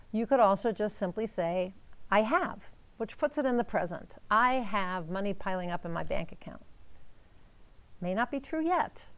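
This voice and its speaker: A woman teaching in a casual, coaching way, checking in often with quick "right?" and "okay?" asides. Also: fairly low pitch, gravelly, a little mellow. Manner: coaching, upbeat, uses rhetorical "right?" and "okay?". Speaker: manifestation coach.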